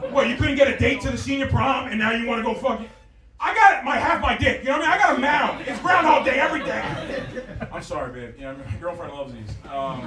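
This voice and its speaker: A man with a high, lively voice performs a crude stand-up set on a comedy club stage, rambling and mocking himself. The sound is roomy and distant, with the crowd laughing.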